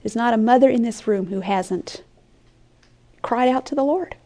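A woman teaching scripture in an earnest, heartfelt way, sinking into hushed whispers to stress a point. Her voice is warm and mellow, sitting a little high. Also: moderate pace. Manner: earnest, drops to soft whispers for emphasis. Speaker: Bible teacher. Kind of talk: sermon-style Bible teaching. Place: conference room with an audience.

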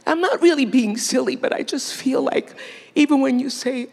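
A middle-aged woman preaching a sermon in a lively, playful way, laughing often between her points. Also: sits high, moderate pace, creaky. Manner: animated, laughing, playful asides. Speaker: speaker. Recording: long hall reverb.

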